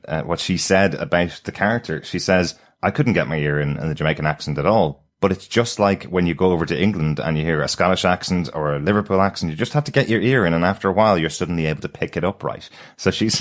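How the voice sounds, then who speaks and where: Deep voiced guy on a podcast, explaining stuff, lots of uhs. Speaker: podcast co-host. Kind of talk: casual podcast chat.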